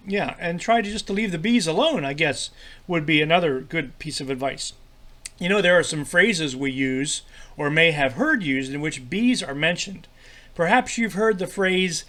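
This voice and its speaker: A man teaching a children's devotional lesson in a friendly, halting way, full of fillers and repeated words. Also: fairly high pitch, expressive, a bit bright.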